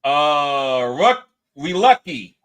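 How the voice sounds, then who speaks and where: Guy hosting a sports chat, bright voice, gets animated and does voices for quotes. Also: extremely slow. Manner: animated, acts out quotes in a higher voice; reads live chat comments aloud. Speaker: podcast host.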